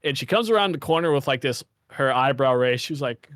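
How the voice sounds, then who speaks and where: A man of middling pitch guests on a podcast, relaxed and quick to laugh. He tells his story with hesitant fillers, and his voice sounds dry, with no room echo. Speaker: guest, aspiring voice actor. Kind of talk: casual interview chat.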